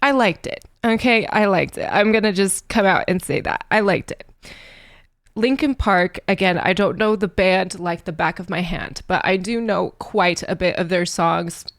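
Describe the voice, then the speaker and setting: A woman's voice: on the low side, normal speed, no echo, studio quality. A woman hosting a music reaction video, talking in an earnest, rambling, emotional way. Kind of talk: casual reaction commentary.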